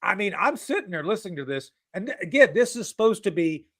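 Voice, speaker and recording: A man hosts a casual political talk show. His voice sits a little high and moves around a lot in pitch. He rambles and mocks, often restarting his sentences. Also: big pitch swings, fast talker, a bit bright. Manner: rambling, mocking, full of restarts and asides.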